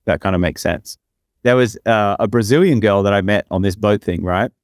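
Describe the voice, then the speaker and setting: A man's voice: fairly low pitch, normal speed, no echo, clean studio sound. A young man telling a long story on a podcast as co-host, rambling, with many fillers and tag questions. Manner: rambling, full of fillers and "right?" tags. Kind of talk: casual storytelling.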